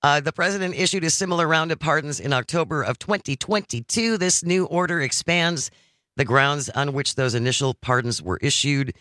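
A man with a bright voice hosts a talk radio show, reading the news in an even way and then chatting about it. The sound is dry and close. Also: a little high, a little fast, no room sound. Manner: reads news items, then chats.

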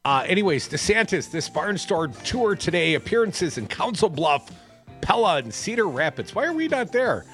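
A man's voice: high voice, very animated, moderate pace, fairly bright tone, faint music behind. A man hosting a radio show, reading news stories and cutting in with sarcastic asides. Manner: sarcastic, wisecracking. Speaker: radio host.

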